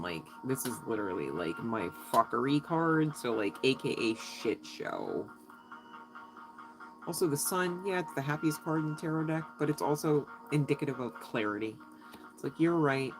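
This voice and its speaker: A woman reads tarot cards in a loose, chatty way, giggling often and swearing without a second thought. Her voice sits unusually deep for a woman. Music plays clearly behind her. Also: animated, moderate pace, rough recording. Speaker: tarot reader. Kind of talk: casual live tarot reading.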